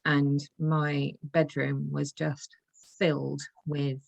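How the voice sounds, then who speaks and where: A woman's voice: sits low, little pitch movement, slow, vocal fry, lo-fi sound. A woman, a guest on an interview podcast, speaking earnestly and from the heart, laughing often as she talks. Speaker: guest, intuitive coach. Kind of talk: casual interview conversation.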